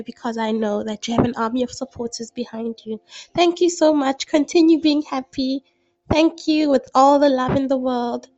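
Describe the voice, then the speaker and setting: A woman's voice: high voice, darkish tone, no echo. A woman from Africa, a fan recording an effusive, heartfelt congratulatory message. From South Africa. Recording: dull lo-fi home recording.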